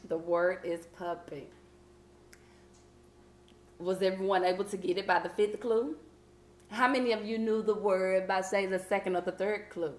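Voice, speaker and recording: A woman teacher leading a vocabulary lesson, patient and encouraging, reading clues out slowly. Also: medium pitch, steady tone, darkish tone, roomy sound. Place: classroom.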